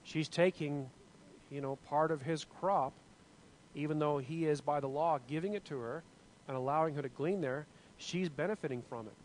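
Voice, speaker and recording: A man's voice: on the high side, normal speed, slight background noise, low-quality recording. A man leading a group Bible study discussion, talking in an earnest, musing way with many restarts.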